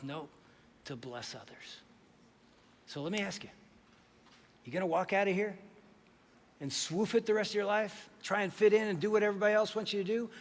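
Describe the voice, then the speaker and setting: A man's voice: fairly high pitch, a bit bright. A man preaching a sermon as pastor, telling a story animatedly and acting out the voices in it. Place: large church hall. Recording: reverberant hall.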